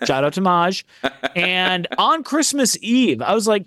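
A man co-hosting a podcast, chatting casually about a film and acting out characters' lines with animated energy. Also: high-pitched, a little slow, no echo, clean studio sound. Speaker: podcast co-host.

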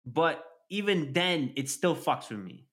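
A man chatting casually on a podcast, animated and swearing constantly as he acts out scenes. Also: a little high, unhurried. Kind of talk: casual profane chat.

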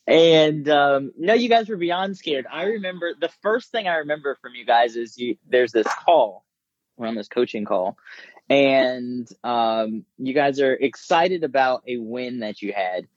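A man who works as a business coach, talking casually and telling stories with lively impressions of others. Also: medium pitch, a little slow, no room sound, muffled recording. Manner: animated storyteller, mimics voices. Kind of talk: casual conversation.

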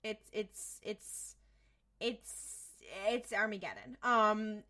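A woman co-hosting a podcast, recapping an episode in casual chat, animated and sweary. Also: mid-range voice, drawn-out words. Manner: animated retelling, swearing, many fillers. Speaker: podcast co-host.

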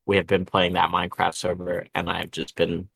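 A man's voice: low voice, completely flat delivery, normal speed, creaky, a crowd in the background. A young man co-hosting a podcast, rambling through a gaming story in casual chat and swearing freely. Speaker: podcast co-host.

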